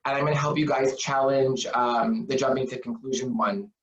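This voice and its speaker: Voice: medium pitch, fairly even intonation, moderate pace. A counselor giving a live webinar on mental health, speaking earnestly and encouragingly, with lots of rhetorical questions. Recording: echoey, distant, dull laptop audio.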